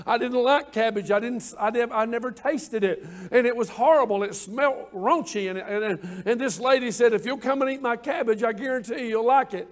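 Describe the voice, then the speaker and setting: High-voiced preacher man. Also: brisk. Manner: folksy, stretches key words, builds to loud exclamations. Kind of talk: evening sermon.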